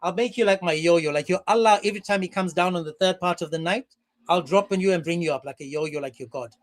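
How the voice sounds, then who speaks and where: A man's voice: high voice, fast talker. A man hosting a livestream religious debate, talking in a mocking, sarcastic way. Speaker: debate stream host.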